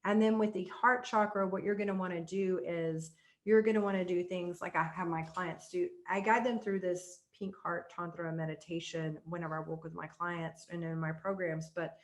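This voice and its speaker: A woman tantra coach talking as a podcast guest, explaining in an earnest, flowing way and guiding calmly. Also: on the low side, moderate pace. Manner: calm soft-spoken guidance. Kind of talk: podcast interview chat.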